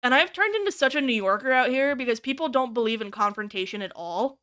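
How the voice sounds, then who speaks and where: A young adult woman from the United States, chatting on stream in a casual, animated way, swearing freely and jumping high when she quotes people. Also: fast. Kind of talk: casual chat while working on stream.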